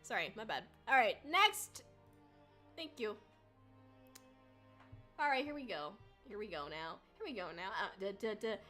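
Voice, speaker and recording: A young woman chatting casually on a livestream, rambling and giggly with bursts of excitement. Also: medium pitch, unhurried, long pauses, faint music behind. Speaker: VTuber streamer.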